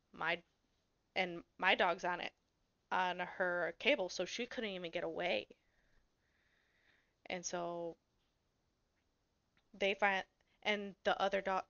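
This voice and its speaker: A woman's voice: fairly low pitch, dry recording, highs cut off. A woman co-hosting a podcast, telling a story in casual chat, blunt and swearing freely. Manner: animated storyteller. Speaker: podcast co-host.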